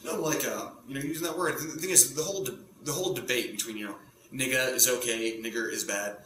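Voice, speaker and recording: A man's voice: mid-range voice, fast, pushed and bright. A man doing a stand-up routine to camera in front of a green screen, with a rambling, self-interrupting, provocative delivery. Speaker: stand-up comedian. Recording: echoey room with faint hum.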